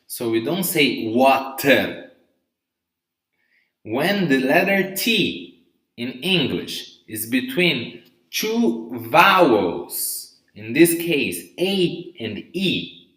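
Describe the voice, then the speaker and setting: A male English teacher leads a live online vocabulary lesson at a very slow, careful pace. He keeps checking in with his listeners, and his pitch swings widely from word to word. His voice rings out in a noticeably echoey room. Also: sing-song, fairly bright tone. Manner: slow, patient, often checks with "okay?". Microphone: live stream mic.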